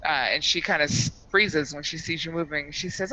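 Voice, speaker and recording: Casting: male game master, very bright tone, slightly high, loose casual narration. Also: steady tone, a little fast, poor audio. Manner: loose, casual storytelling with fillers.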